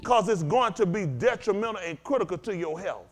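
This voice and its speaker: A man preaching a sermon to a congregation, firing questions at the crowd and swinging between loud and low. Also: expressive, fairly quick. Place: congregation hall.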